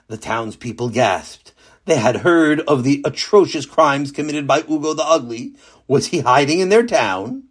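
A man narrating a children's story with a lesson at the end, lively and animated. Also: fairly high pitch, normal speed, slightly rough.

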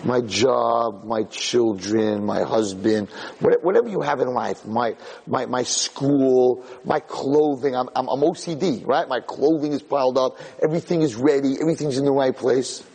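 A man giving a storytelling class as a rabbi to a live group, rambling with restarts and climbing to loud, high peaks. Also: normal speed, gravelly, hardly any pauses, husky. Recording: echoey hall.

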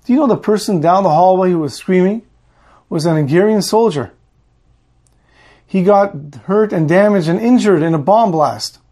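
Stern impatient doctor guy, a rabbi putting him on in a story, blunt and scolding, high voice. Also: moderate pace, mellow, natural voice.

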